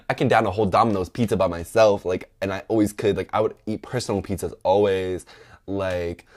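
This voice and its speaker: A young man telling a story in a casual chat, sassy and dramatic, laughing often and full of fillers. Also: moderate pace. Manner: animated, laughing, mimics others in high-pitched voices. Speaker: podcast host telling a story.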